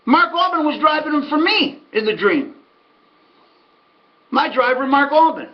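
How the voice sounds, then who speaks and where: A man's voice: very high-pitched, very animated, measured pace. Middle-aged american guy rambling on, folksy storyteller vibe, muffled lo-fi audio. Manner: chatty storyteller, folksy asides. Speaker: horse racing handicapper and host. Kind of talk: rambling casual monologue.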